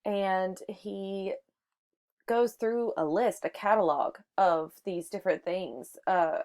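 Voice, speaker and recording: A woman's voice: on the low side, clean tone. A woman teaching a short lesson on poetry, explaining step by step with some fillers and restarts. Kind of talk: microteaching lesson on sonnets.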